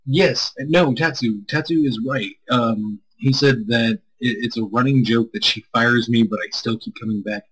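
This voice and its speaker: A man's voice: mid-range voice, fairly even intonation, moderate pace, few pauses, a bit bright, slightly rough, rough recording. A man co-hosting a live stream, answering chat in a loose, rambling way and swearing freely. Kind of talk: casual chat.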